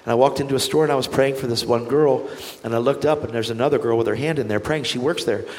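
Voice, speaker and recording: A man's voice: medium pitch, quick pace. Earnest man in a reverberant hall. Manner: earnest, animated, frequent restarts, acts out quoted dialogue. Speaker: evangelist, interview guest. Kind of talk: impassioned testimony in conversation.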